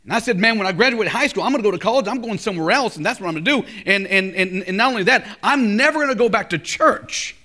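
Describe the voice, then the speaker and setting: A middle-aged male pastor preaching a sermon at a college chapel, telling stories with big swings from loud to hushed. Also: high-pitched, expressive, fast talker, few pauses.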